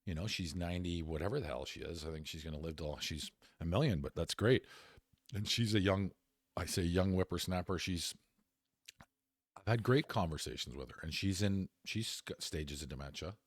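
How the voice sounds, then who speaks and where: A man in his fifties co-hosting a podcast, telling a personal story in casual chat, animated and laughing as he goes, with the odd swear. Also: sits low, moderate pace, no room sound, studio quality. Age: 50s. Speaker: podcast co-host.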